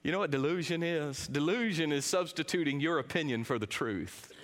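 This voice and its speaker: A middle-aged man preaching a sermon, swinging between quiet, low lines and raised, emphatic ones. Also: lively intonation, a little fast. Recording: long reverb of a big hall.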